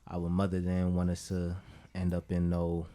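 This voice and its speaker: A guest musician from Brooklyn, New York, talks loosely and ramblingly on a casual podcast, often saying "you know what I'm saying." His low, warm voice stays monotone at a normal speed.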